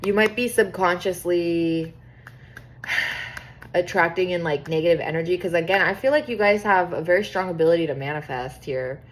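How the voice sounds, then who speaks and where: A woman's voice: on the low side, moderate pace. Chatty young woman giving a tarot reading. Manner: chatty, excitable, swears freely, reads cards aloud. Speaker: tarot reader. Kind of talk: casual tarot reading to camera.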